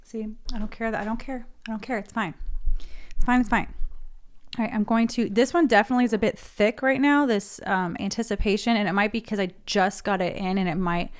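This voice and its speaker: A woman's voice: medium pitch, clean tone. A woman in her thirties casually talking through painting her nails at home into a desk mic, narrating each step as she goes. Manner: chatty, self-narrating while painting nails. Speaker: beauty vlogger. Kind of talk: casual tutorial chat.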